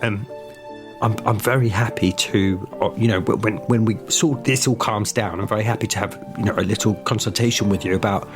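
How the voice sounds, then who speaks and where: A man voicing an earnest male financial adviser who talks haltingly with many pauses. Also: lowish voice, steady tone, over music, natural voice. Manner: hesitant, many fillers.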